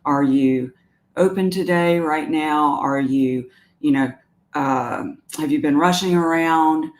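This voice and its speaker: A woman's voice: low voice, slow. A woman with a Southern US accent hosts a live stream in a chatty, meandering way, reading viewer comments aloud and talking them through. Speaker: animal communicator hosting a live stream. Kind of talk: casual live-stream talk.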